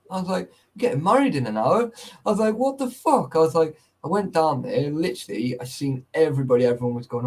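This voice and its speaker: A man in casual chat with friends, telling animated, sweary stories. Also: a little high, low-quality recording.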